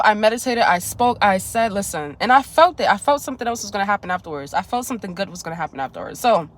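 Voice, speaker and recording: A woman's voice: a little high, a bit bright. A young woman vlogging a casual storytime, talking candidly and emotionally straight to her viewers and swearing freely.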